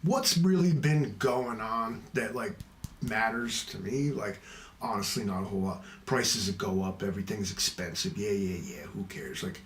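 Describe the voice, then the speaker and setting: A man's voice: lowish voice, moderate pace, echoey room, a little hiss or hum. A man hosting a casual livestream, rambling from topic to topic in a jokey, self-mocking way. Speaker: livestream host.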